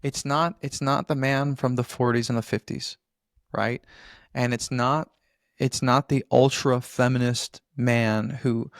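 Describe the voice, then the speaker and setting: A man's voice: medium pitch, no room sound, clean studio sound. A man as a podcast guest, talking earnestly in a casual interview and often restarting his phrases.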